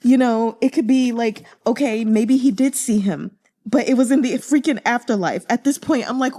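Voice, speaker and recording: A woman's voice: fairly high pitch, measured pace, dark tone. A woman reading a novel aloud who then talks candidly and in exasperation about it, using lots of fillers. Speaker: audiobook reader. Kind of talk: casual reader commentary.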